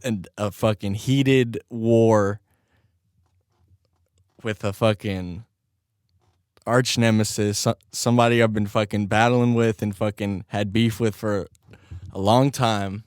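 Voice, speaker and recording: A man hosting his own podcast from a home studio, telling a story in a casual, animated way, swearing constantly and laughing along. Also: on the low side, slow, long pauses, clean tone, no room sound. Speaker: podcast host.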